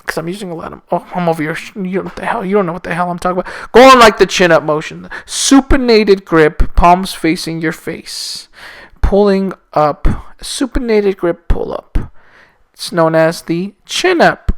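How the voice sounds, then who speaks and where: A man's voice: sits high, moderate pace, a bit bright, no echo. A young man hosting a casual solo podcast, rambling and self-mocking with loose, profane asides. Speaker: podcast host.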